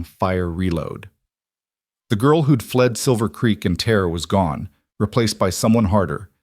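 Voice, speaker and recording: Low-voiced male story narrator. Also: darkish tone, dry recording, clean studio sound. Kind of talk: scripted narration.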